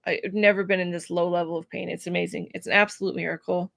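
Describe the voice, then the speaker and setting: A woman's voice: fairly low pitch, little pitch movement, vocal fry, a bit bright, no echo, studio quality. Emotional woman talking to camera. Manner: emotional, searching for words, many pauses and fillers. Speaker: vlogger. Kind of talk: personal vlog talking to camera.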